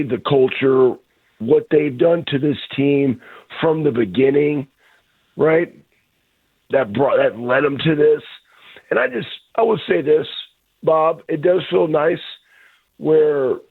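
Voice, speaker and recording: Man on a phone line, husky and blunt, a loud ranting sports guest. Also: medium pitch. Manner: blunt, ranting, trash-talking. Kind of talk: fired-up sports talk.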